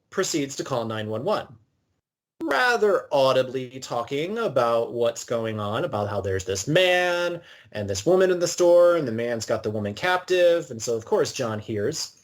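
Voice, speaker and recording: A man co-hosting a podcast, recapping an episode in an animated, storytelling way and acting out bits of dialogue. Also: medium pitch. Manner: animated storyteller, acts out quotes. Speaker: podcast co-host.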